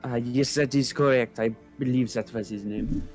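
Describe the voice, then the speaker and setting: A man's voice: mid-range voice, steady tone, moderate pace, a little mellow, close to an everyday voice. A man playing a pompous noble lord who scolds his hired guide in a haughty manner, with faint music behind.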